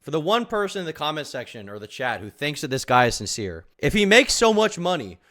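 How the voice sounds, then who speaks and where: A man streaming a live reaction, mocking and incredulous, swinging between loud rants and quiet asides. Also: on the high side, very animated, fairly quick.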